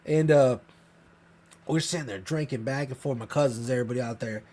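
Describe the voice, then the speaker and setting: A man telling a long, profane story in casual podcast chat, rambling and animated. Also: medium pitch, fairly quick. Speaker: podcast co-host.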